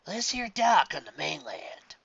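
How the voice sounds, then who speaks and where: A man's voice: on the high side, pushed and bright, no echo, dull audio, voice pushed up. A man doing a wheezing ancient orangutan, whispery. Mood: wheezy. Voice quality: breathy whispery rasp. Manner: slow, wheezing, short of breath. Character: frail ancient male orangutan bar owner.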